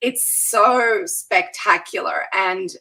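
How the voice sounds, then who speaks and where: A wedding planner recounts her events with lively, animated energy in a casual interview. Her voice is bright and forward, with a slightly husky, breathy grain. She laughs freely as she talks. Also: medium pitch, slow, rough recording. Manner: animated storyteller, laughs often.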